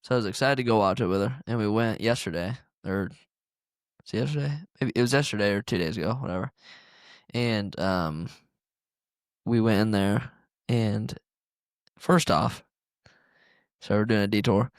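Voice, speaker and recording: A man's voice: fairly low pitch, normal speed, long pauses, no echo, studio quality. A young man co-hosting a podcast, telling a story in a rambling, casual way full of fillers. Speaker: podcast co-host. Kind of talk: casual chat.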